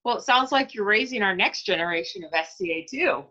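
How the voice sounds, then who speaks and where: A woman's voice: mid-range voice, lively intonation, fairly quick, bright, forceful tone. A woman hosting an interview show, chatty and encouraging as she asks her guest questions. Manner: chatty and encouraging, laughs easily. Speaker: podcast interviewer. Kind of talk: casual interview. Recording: dull lo-fi audio.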